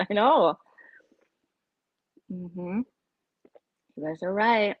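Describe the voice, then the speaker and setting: A woman vlogger chatting casually with viewers on a livestream, opinionated and lively when she quotes people. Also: mid-range voice, moderate pace, slightly rough, dry recording. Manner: chatty, opinionated, animated quoting. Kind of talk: casual live chat with viewers.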